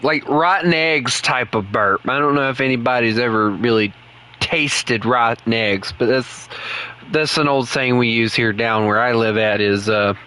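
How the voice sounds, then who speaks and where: A man's voice: mid-range voice, measured pace, clear, resonant tone, poor audio. A young man, chatting casually and ranting while he plays a game from his home setup. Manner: loose, rambling, swings into loud frustrated outbursts. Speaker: gaming streamer. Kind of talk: casual gameplay commentary.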